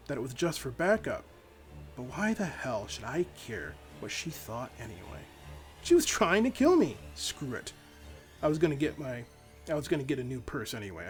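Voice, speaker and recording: A man reading his own novel aloud in first-person audiobook narration, with dramatic storytelling. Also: medium pitch.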